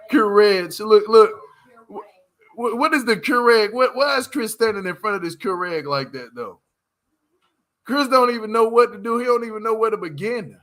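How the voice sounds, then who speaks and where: A man's voice: high voice, lively intonation, moderate pace, fairly bright tone. A man hosting a loose, slangy livestream recap of a reality show, laughing often as he talks. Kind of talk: casual livestream commentary.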